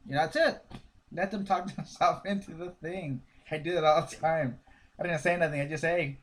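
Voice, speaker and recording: A man giving casual sales coaching in an animated way, acting out pitch dialogues with prospects. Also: moderate pace. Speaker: network marketing coach.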